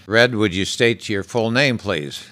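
A man's voice: fairly low pitch, measured pace, a bit bright. A man conducting an oral history interview, asking brief, polite, matter-of-fact questions.

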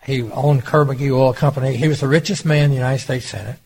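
A man's voice: medium pitch, steady tone, quick pace, vocal fry, a little mellow, slightly rough, poor audio. Older man spinning political anecdotes. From Oklahoma. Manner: anecdotal, acts out quoted dialogue. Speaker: former governor, interviewee. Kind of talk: storytelling interview.

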